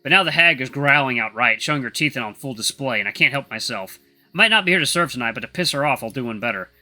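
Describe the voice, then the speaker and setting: A man's voice: medium pitch, lively intonation, fast talker, pushed and bright, faint music behind. A young man narrating a first-person story in a wry, irreverent way.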